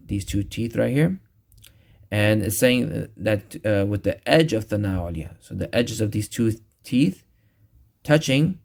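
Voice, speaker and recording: A man teaching a recorded Quran recitation lesson, patiently explaining where each sound is made and repeating each one slowly. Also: medium pitch, gravelly, a little mellow.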